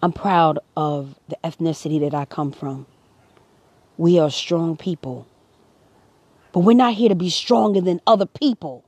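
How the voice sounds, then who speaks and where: A woman's voice: sits low, unhurried, pauses often, a little mellow, breathy edge, no echo. Earnest woman preaching to camera. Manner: earnest, preachy, rising to emphatic. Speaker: vlogger. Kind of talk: impassioned personal commentary.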